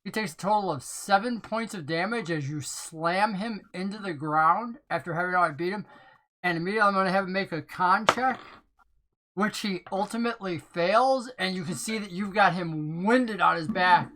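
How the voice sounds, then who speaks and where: A game master narrating a tabletop game, excitable and often laughing, with plenty of ums and whatnots. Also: mid-range voice, normal speed.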